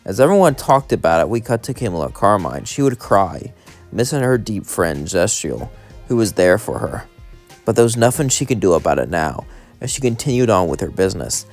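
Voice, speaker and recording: A man's voice: lowish voice, very animated, a little fast, faint music behind. A man narrating a home-made fan story in a casual, rambling way. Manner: rambling, loosely strung sentences.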